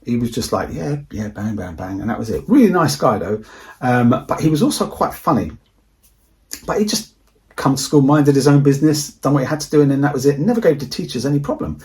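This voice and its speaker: A man's voice: mid-range voice, animated, quick pace, darkish tone. Chatty middle-aged man telling a story. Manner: rambling, repeats himself, chatty retelling. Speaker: movie collector vlogger. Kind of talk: casual anecdote storytelling.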